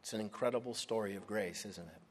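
A man's voice: on the low side, fast talker. A man preaching a sermon, retelling a story expressively and acting out the voices of its characters. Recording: long hall reverb.

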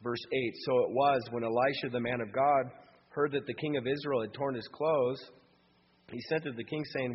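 A man's voice: medium pitch, fairly even intonation, normal speed, breathy edge. Preacher man in an echoing hall. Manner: dramatic, swings from loud emphasis to hushed. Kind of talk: sermon with scripture reading. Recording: dull sound with long hall reverb and faint hum.

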